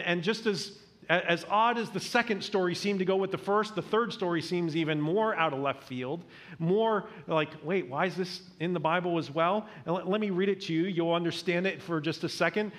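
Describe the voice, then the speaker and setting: This male pastor's voice runs fairly high as he preaches an earnest sermon. He builds his points by repeating words, then softens to a hush for the tender moments.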